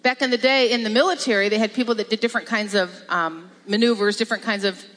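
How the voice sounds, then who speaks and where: A woman pastor giving a lively, emphatic sermon with repetition and laughs. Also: medium pitch, fast. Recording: long reverb of a large hall.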